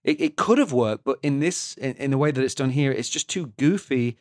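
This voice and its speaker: A man's voice: mid-range voice, brisk, no room sound, studio quality. A man co-hosting a film podcast, talking analytically with frequent restarts and fillers. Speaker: podcast co-host. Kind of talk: casual film-review chat.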